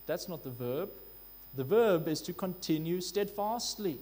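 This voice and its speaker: A man's voice: sits high, animated, a little slow, darkish tone. Emphatic male preacher in a reverberant hall. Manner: emphatic, repeating key phrases. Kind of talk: sermon. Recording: long hall reverb with faint mains hum.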